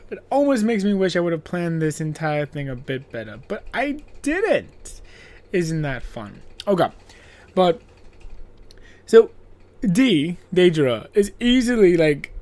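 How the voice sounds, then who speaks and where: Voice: medium pitch, darkish tone. A podcast host in a casual horror movie review chat, rambling and self-interrupting, laughing often and swearing casually.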